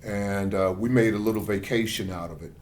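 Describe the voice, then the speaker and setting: A man's voice: lowish voice, brisk, a little hiss or hum. A middle-aged man from the United States, an author telling his story as an interview guest with passion and acted-out dialogue. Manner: passionate, animated storyteller who acts out quoted dialogue. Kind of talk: conversational storytelling.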